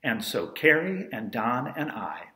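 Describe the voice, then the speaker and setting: A man's voice: mid-range voice, sing-song, a little slow, bright, forceful tone, reverberant. Wry man telling a story. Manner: wry, conversational, self-amused asides. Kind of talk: personal storytelling monologue.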